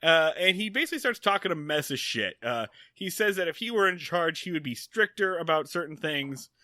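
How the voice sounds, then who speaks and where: A wry male podcast co-host recapping an old sitcom with joking asides. His voice is very bright and a bit high, recorded dry and close. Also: expressive, fairly quick, no echo. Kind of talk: casual comedy podcast chat.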